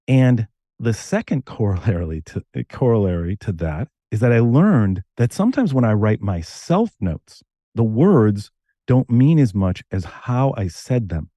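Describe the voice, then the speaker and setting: Deep dark-voiced man telling stories. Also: dry recording. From Connecticut. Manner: animated storytelling, quick bursts. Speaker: guest, screenwriter and novelist. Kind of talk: casual interview conversation.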